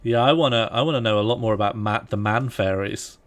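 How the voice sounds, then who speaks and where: A man livestreaming a strategy game and chatting casually with a co-host, relaxed and jokey while he thinks aloud. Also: on the low side, fairly quick. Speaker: streamer playing a strategy game. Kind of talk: casual live-stream chat.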